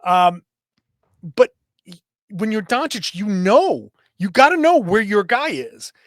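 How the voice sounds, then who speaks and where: Man with a high voice, rambling sports analysis, dry close mic. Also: big pitch swings, slow, a bit bright, dry recording. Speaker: podcast co-host.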